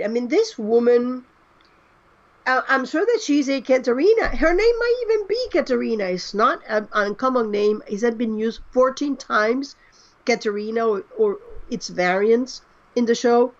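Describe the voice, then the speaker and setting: Woman on a podcast, bit high voice, dull muffled audio, goes on explaining. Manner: animated, explains at length. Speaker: podcast co-host. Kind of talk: casual fan podcast chat.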